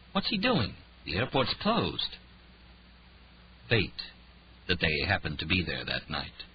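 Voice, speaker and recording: A man narrating an audiobook thriller in a dramatic, expressive reading. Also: deep voice, noisy background. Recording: dull lo-fi audiobook recording.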